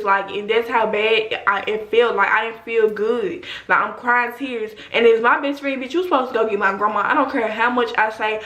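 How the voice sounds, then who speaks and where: A young adult woman vlogger telling a story in a slangy, animated way, talking straight to her viewers. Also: a little high. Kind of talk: casual storytime. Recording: roomy echo.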